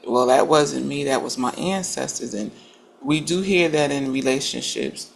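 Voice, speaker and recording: A woman's voice: extremely low pitch, creaky. A woman in a casual group discussion, making earnest points and building up to them with emphasis.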